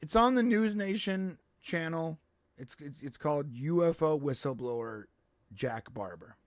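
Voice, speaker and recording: Lively, fairly high-voiced man joking around. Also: a little slow, dry recording. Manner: joking, self-deprecating. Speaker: podcast co-host. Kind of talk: casual live-stream chat.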